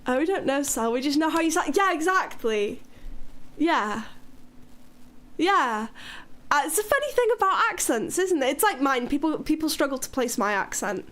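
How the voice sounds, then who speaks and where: A woman's voice: sits high, very animated, moderate pace, fairly bright tone. A woman from Wales with a British accent, chatting casually on a live stream, rambling and frank with the odd swear word. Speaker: livestreamer.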